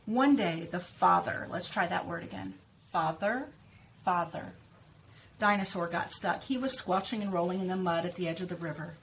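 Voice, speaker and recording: A woman teaching speech sounds, reading a picture book aloud and slowly repeating practice words with careful articulation. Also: lowish voice, fairly bright tone, slight background noise. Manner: slow, clearly stressed repetition of target words.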